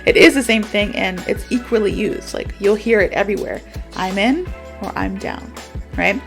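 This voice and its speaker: A woman's voice: medium pitch, normal speed, creaky, faint music behind. A young woman teaching English in a casual, chatty video lesson, self-aware and full of "so" and "like". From United States. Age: young adult.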